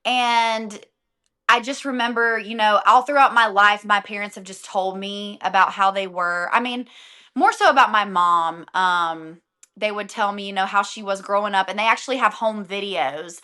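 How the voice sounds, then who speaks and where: A woman's voice: mid-range voice, normal speed, sharp tone. A young adult woman, a singer and guest on an interview podcast, talking casually and animatedly, often laughing.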